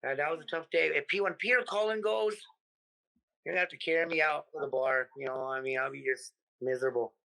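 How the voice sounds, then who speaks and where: A man from the United States, a comedian guest in a casual interview, talking in an animated, profane way and acting out his stories. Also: fairly high pitch, fast talker, gravelly, rough recording.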